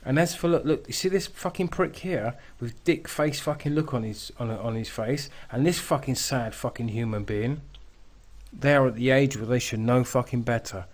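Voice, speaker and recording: A man's voice: mid-range voice, moderate pace. A man hosting a reaction video, ranting angrily with constant swearing and mocking jeers. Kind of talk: angry profane ranting commentary.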